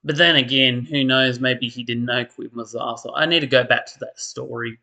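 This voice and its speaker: A man's voice: medium pitch, fairly even intonation, fairly quick, gravelly, sharp tone. A man, perhaps, ranting in casual commentary, tired and exasperated, with mocking impressions of characters. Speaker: soap opera commentator.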